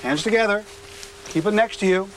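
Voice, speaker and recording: A man's voice: sits high, brisk, fairly bright tone. A man working as a dog trainer, giving firm, clipped instructions during a hands-on demonstration. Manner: firm, coaching, short commands. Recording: distant mic with faint outdoor noise.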